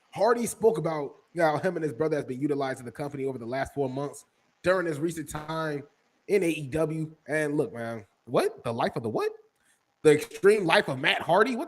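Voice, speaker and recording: A man's voice: fairly high pitch, breathy edge. A man co-hosting a live podcast in a casual, joking way, reading viewer comments aloud. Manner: animated, joking, reads chat comments aloud. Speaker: podcast co-host. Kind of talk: casual wrestling podcast chat.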